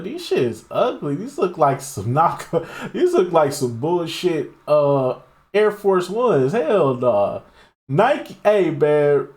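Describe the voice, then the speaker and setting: A man reacting on camera in a drawn-out, unhurried delivery, his pitch swinging widely. He swears freely, mocks what he sees, and breaks into loud laughter. His speech is slangy street talk. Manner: profane, mocking, bursts into loud laughter. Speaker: reaction video host. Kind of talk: casual reaction commentary.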